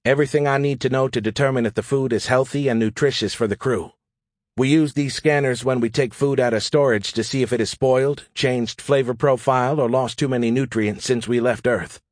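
A man voicing a brisk, practical woman logistics officer in an audiobook, explaining in a matter-of-fact way. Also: mid-range voice, fairly even intonation, dry recording, clean studio sound, pitched above the performer's own voice, natural voice. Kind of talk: audiobook character voice.

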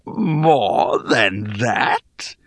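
A man's voice: mid-range voice, very animated, drawn-out words, gravelly, a bit bright, breathy edge, dry recording, voice pushed up, full character voice. A man voicing an ancient bald hag who gambles on everything, talking in a lazy, sly drawl.

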